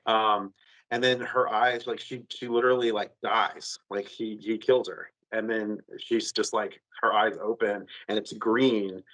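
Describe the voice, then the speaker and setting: Guy on a podcast rambling excitedly about a game, kinda low voice, lots of um and like. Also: a little slow, rough recording. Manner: animated storytelling, full of fillers and cursing. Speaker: podcast co-host. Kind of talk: casual chat.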